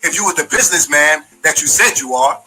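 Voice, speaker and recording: A man's voice: a little high, expressive, brisk, pushed and bright, husky, rough recording. A man giving a heated, profane, confrontational monologue, speaking straight at the person he is calling out. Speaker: former community member giving his side. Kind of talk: heated monologue, addressing someone directly.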